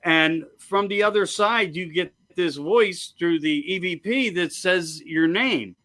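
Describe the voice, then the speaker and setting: A man's voice: high-pitched, slow, bright, forceful tone. A man hosting a show, chatting eagerly in loose, run-on sentences. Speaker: show host. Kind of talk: casual interview chat.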